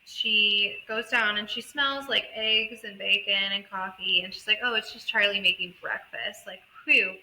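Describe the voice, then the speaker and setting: A woman's voice: mid-range voice, fairly even intonation, a little slow, few pauses, bright, forceful tone, a little hiss or hum, low-quality recording. A woman co-hosting a casual book podcast, animatedly retelling a story and acting out the characters. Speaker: podcast co-host.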